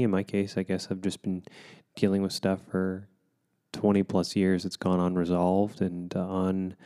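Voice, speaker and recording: Low, flat-voiced weary man. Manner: soft-spoken, halting, with many pauses and restarts. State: emotionally drained. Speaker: co-host. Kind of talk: candid personal conversation.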